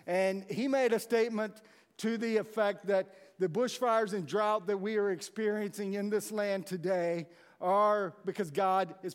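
A man delivers a sermon in a chatty, animated way, slipping into the voices of the people in his story. His voice sits high for a man. It rings out with the long echo of a large hall. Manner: conversational, animated storytelling with acted-out quotes. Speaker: pastor.

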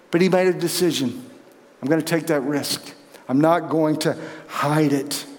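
Guy preaching, high voice, big echoey hall, gets loud then goes real soft. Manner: earnest, building to emphatic peaks, drops to soft intensity. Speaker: pastor. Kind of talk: sermon. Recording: long hall reverb.

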